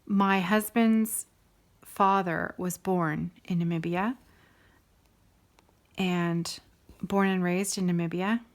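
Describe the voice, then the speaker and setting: Middle-aged woman, chatty host, rambling asides, enthusiastic, slightly low pitch. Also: fairly even intonation, slow pace, pauses often. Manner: warm and enthusiastic. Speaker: host of a stitching video show. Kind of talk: casual chat to viewers.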